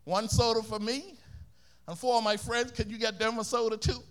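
Boastful young boy, high and sing-song, voiced by a Bahamian male preacher. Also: level tone, moderate pace. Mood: eager. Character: boastful young boy showing off his money.

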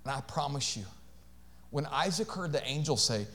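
This church sermon comes from a man whose fairly high voice is animated and moves at normal speed. Jokes and small acted-out voices give way to shouting, sing-song delivery, and calls out to the congregation.

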